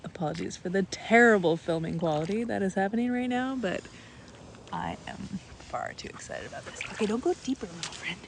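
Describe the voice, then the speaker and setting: A woman giving live-streamed commentary on a night beach walk, bubbly and excitable as she points out sea creatures outdoors. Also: mid-range voice, a little fast, slight background noise. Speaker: naturalist guide on a live stream.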